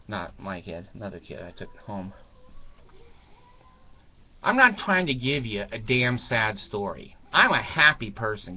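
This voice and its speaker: A man's voice: medium pitch, sharp tone, dull audio. An older man chatting casually to viewers in a rambling way, chuckling and swearing freely. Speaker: vlogger.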